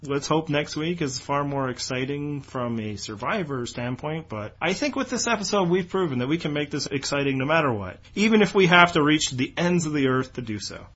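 A man from Canada co-hosting a podcast, chatting casually with a joking, animated storytelling manner. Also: fairly high pitch, a little fast, few pauses, slightly rough, lo-fi sound. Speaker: podcast co-host. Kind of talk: casual chat.

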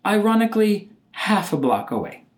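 Animated exasperated man telling a story. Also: high voice, moderate pace. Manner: animated, exasperated, mimics others' voices. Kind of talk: personal storytelling monologue.

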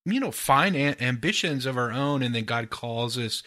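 Very bright-voiced, enthusiastic male podcast host. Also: medium pitch, animated, moderate pace. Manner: enthusiastic, casual, heavy use of "like" and "right?". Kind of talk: conversational podcast interview.

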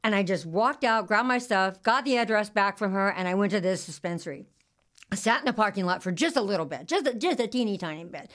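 An older woman telling a personal story in a halting, confessional way, with many restarts and repeats. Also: medium pitch, expressive, a bit bright.

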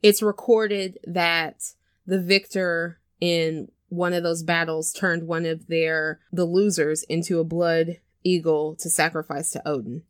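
Chatty, low-voiced woman telling a story. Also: measured pace, clean tone, no echo, studio quality. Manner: chatty, animated storyteller who acts out quotes. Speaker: podcast co-host. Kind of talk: casual chat recapping a film.

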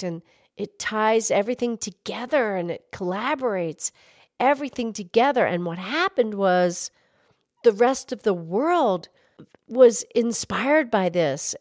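A woman voicing a gentle female cow who calmly explains history on a children's show. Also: medium pitch, slow pace, no echo, studio quality. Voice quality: calm, explanatory, hesitant restarts. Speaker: co-host, explainer.

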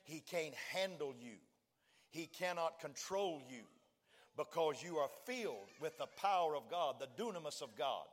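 A man's voice: a little high, animated, moderate pace. A male preacher delivering a sermon, mixing folksy joking asides to the congregation with rising, fervent declarations. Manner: builds to fervent shouting, acts out dialogue.

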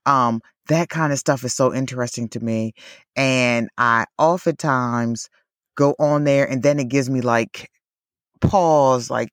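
A woman's voice: rumbling low, unhurried, no echo, studio quality. A woman co-hosting a podcast in casual chat, full of "like" and "you know", laughing often. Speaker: podcast co-host.

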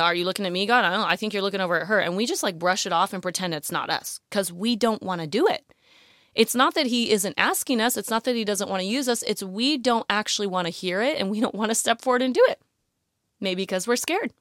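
Woman host, casual Bible teaching, animated and heartfelt, dry close sound. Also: medium pitch, no room sound. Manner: animated and emotional, often saying "you guys" and "like, literally". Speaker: Bible teacher addressing women listeners.

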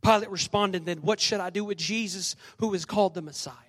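A male pastor with a high-pitched voice preaches to his congregation, swinging between loud calls and hushed lines as he acts out the scripture. His voice rings through a reverberant church sanctuary. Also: brisk. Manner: preaching with call-and-response and dramatic scripture reading. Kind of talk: sermon. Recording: long reverb of a large hall.

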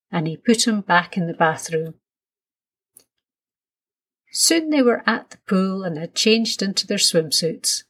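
A woman reading a children's story aloud in a slow, soothing storytelling manner. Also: fairly low pitch, animated, a bit bright.

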